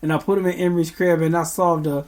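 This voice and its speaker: A man's voice: a little high, level tone, fast talker, darkish tone. A young man, a podcast co-host, telling a meandering story in casual chat, full of ums.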